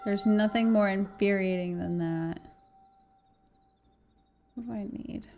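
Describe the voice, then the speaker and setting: A woman's voice: medium pitch, slow pace, darkish tone, a little hiss or hum. A woman streaming a game live, chatty and giggly, talking to her viewers and swearing now and then. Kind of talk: casual chat while gaming on stream.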